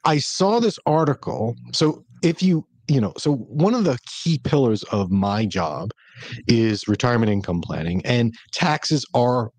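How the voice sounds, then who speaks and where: A man's voice: mid-range voice, expressive, a little slow, darkish tone. A man hosting a podcast as a financial planner, chatting casually and telling teasing stories. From Minnesota. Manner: chatty storyteller with teasing humor.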